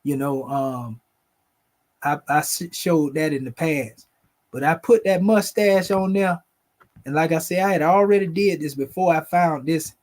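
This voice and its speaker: Male host, relaxed explanatory chat over images, slightly higher-pitched, calls his audience family. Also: unhurried. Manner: conversational, addresses viewers as family. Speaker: video host presenting photos. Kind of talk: casual explanatory talk over pictures.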